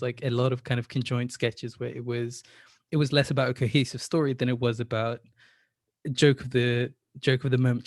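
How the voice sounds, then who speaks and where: A man's voice: mid-range voice, a little mellow, no echo, studio quality. A man in casual podcast chat who talks enthusiastically about animation, with many "like" fillers.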